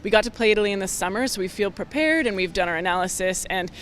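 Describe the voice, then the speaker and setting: A woman's voice: mid-range voice, quick pace, a bit bright, a little hiss or hum. A young woman, a rugby player chatting casually in an interview, upbeat and full of "like" fillers. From Canada.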